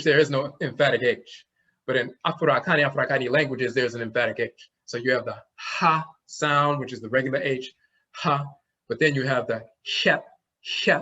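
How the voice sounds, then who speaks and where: A man's voice: medium pitch, pushed and bright, husky, highs cut off. A man teaching an online class, explaining things step by step and sounding out letters as he goes. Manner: explains slowly, demonstrates sounds aloud.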